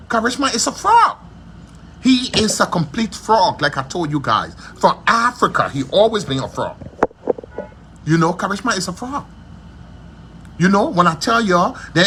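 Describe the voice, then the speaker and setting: A man's voice: sits high, pushed and bright, a little hiss or hum. A man hosting a gossip livestream from his shop, talking in a scornful, repetitive way. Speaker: livestream host.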